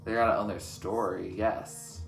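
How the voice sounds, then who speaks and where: A man reacting to an album track by track, talking in an earnest, thoughtful way with frequent pauses between phrases. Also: on the low side, steady tone, creaky, reverberant, soft background music. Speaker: music reaction channel host. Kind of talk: reflective album reaction commentary.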